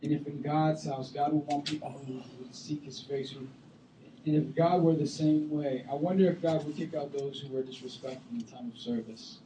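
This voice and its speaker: A man preaching a sermon as a youth pastor, animated, bursting into loud acted-out voices. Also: on the high side, normal speed, noisy background. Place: church sanctuary. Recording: echoey room, voice from far off the mic.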